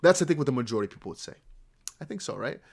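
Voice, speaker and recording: Animated Dutch man hosting a crypto stream. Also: mid-range voice, very fast, creaky, slightly rough. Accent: American-sounding English with slight Dutch traces. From Netherlands. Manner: rambling, animated, talks to chat. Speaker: crypto livestream host. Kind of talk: casual livestream chat.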